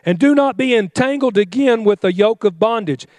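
A man's voice: very high-pitched, normal speed, a little mellow, dry recording, studio quality. A male pastor preaching a fiery sermon, exhorting his congregation with call-and-response commands.

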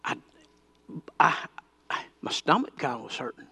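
A man's voice: mid-range voice, sing-song, unhurried, gravelly, bright, forceful tone, slightly rough. A man preaching a sermon, telling a personal story that builds into fervent declarations.

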